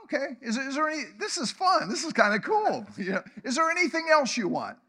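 Preacher putting on a breezy, happy God, lifted high and bright, saying yes to everything. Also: male voice, sing-song, a little fast, full character voice. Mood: amused. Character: cheerful easygoing God granting requests.

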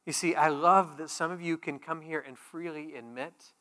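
Bright, high-voiced man preaching. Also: steady tone, moderate pace, few pauses. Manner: swings from loud emphatic peaks to quiet intimate asides; conversational, joking storyteller. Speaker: pastor. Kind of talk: sermon. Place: large church sanctuary. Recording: long hall reverb.

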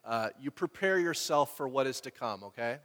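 Male pastor, conversational sermon, long reverb, middle pitch. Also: normal speed. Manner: conversational storytelling, animated when quoting others.

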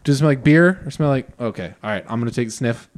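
Animated young man hosting a podcast. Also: mid-range voice, fast. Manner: animated, laughs often, shouts in mock rants. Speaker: podcast host. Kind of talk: casual chat.

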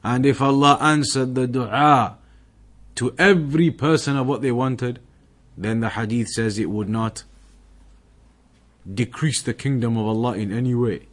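A man teaching a religious class, explaining a text with repeated, emphatic examples. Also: mid-range voice.

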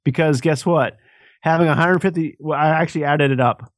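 A man's voice: on the high side, fairly quick, no room sound, clean studio sound. A young man co-hosting a podcast, ranting sarcastically with plenty of swearing. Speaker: podcast co-host. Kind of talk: casual chat.

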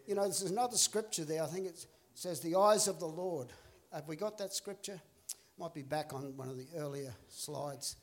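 A man preaching in a church, his voice pitched high for a man. He tells his story with lively energy, laughing along and acting out the people in it. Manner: animated storyteller, acts out characters, laughs along. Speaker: pastor. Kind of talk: storytelling sermon. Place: church auditorium.

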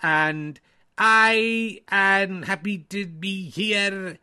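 A man's voice: high voice, bright, forceful tone, clean tone, voice pushed up, heavily acted. A man doing a hammy stage-Irish snooker player. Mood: jovial. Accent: fake stage Irish. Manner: slow, blarney-laden clichés, rambling.

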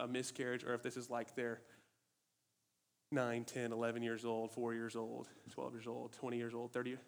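A man preaching a sermon in an animated, emphatic way, asking many rhetorical questions. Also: medium pitch.

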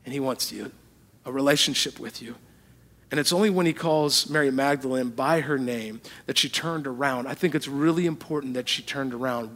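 A high-voiced man preaching in a church. He tells self-mocking stories with lively humor, dropping to a near whisper for earnest points and rising loud for the jokes. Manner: animated, humorous storytelling, swinging from hushed to loud. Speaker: pastor. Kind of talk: sermon.

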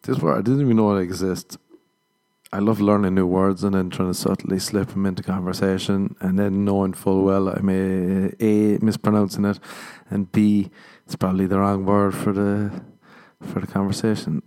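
Irish male podcaster, lowish voice, loose self-mocking comic rambling. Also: little pitch movement, normal speed, dark tone, smooth. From Ireland. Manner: rambling, self-mocking storytelling with acted-out dialogue. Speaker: podcast host. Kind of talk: comedic solo podcast monologue.

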